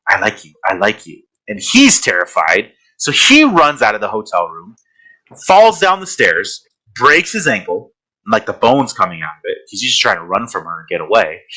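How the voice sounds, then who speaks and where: A man's voice: mid-range voice, bright, forceful tone, poor audio. A man co-hosting a horror podcast, retelling a film plot in a rambling, casual way full of fillers. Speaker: podcast co-host.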